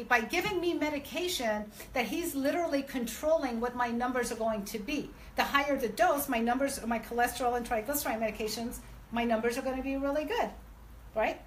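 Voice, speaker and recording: A woman guest on a podcast, telling her story casually and acting out dialogue in a lively way. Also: sits high, a little fast, a little hiss or hum, low-quality recording. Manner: lively, acts out quoted dialogue.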